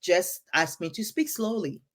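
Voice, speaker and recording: Immigrant woman talking fast and animated, lowish voice, acts out quotes. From immigrant to the United States. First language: English. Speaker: podcast co-host. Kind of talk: candid conversation.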